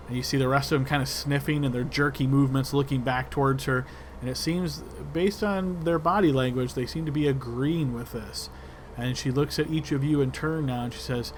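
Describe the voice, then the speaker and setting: A man running a tabletop game as game master, narrating in a relaxed way with fillers. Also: mid-range voice, normal speed, a little hiss or hum. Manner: relaxed, describing actions with fillers.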